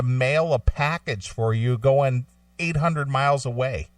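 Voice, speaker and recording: A man's voice: medium pitch, expressive, moderate pace, no echo, distant mic. A man co-hosting a radio talk show, telling rambling anecdotes in casual, profane chat.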